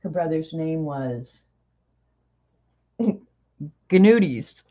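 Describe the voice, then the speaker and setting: A woman tells rambling stories while she colors, laughing often. Her voice is fairly low and her pace is unhurried. The recording sounds dull and muffled. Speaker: craft video host. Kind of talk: chatty storytelling while coloring.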